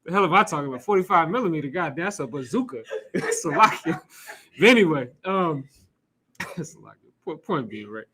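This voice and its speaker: A man with a high, bright voice preaches to a small class in a loose, talky way. He keeps asking the room questions and slips in laughs and swearing. He sounds relaxed and street-casual rather than formal. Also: normal speed, slight background noise. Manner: casual, conversational, rhetorical questions, occasional cursing. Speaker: teacher leading a scripture class. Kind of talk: informal sermon.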